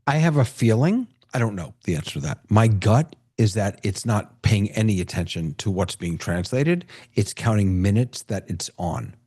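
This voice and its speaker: A man hosting a casual video call, excitable, laughing often and restarting his sentences. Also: lowish voice, moderate pace, hardly any pauses, slightly rough. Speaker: host of a video-call tech meetup. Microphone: computer mic on a video call.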